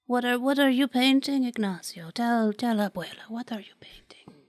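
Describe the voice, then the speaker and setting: A woman voicing a frail, very old blind grandmother in a whispered role-play, halting and repeating her words in soft broken phrases. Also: a little high, no echo, clean studio sound, pitched above the performer's own voice, close to an everyday voice. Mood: doting.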